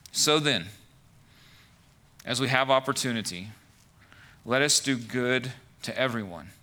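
A man's voice: mid-range voice, pushed and bright. A man preaching a conversational sermon as pastor, full of "like" and "right" asides.

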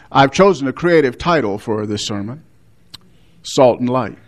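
A male pastor, preaching a measured sermon, with emphatic repetitions. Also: mid-range voice, animated.

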